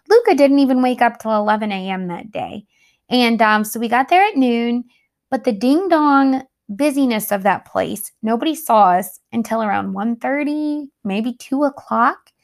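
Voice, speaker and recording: Chatty young woman podcaster, fairly high voice. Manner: chatty, animated, laughs often, acts out quotes. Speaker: podcast host. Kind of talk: casual storytelling.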